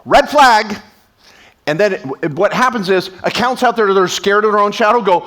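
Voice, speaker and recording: Lively high-voiced man on stage. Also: moderate pace. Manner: animated, sarcastic, jumps into quoted voices. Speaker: tax attorney speaker. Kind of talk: energetic stage talk. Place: event stage before an audience.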